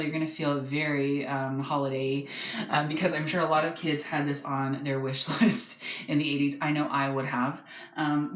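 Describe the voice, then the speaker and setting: A man chatting excitedly in a casual toy review vlog, talking freely with frequent ums. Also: fairly high pitch. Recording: echoey room.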